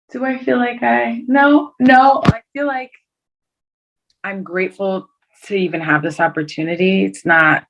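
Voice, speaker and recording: A woman's voice: on the low side, a bit bright, rough recording. A young woman from Toronto, a singer, chatting over a video call in a rambling way with lots of "like" and restarts. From Toronto, Canada. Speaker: guest singer.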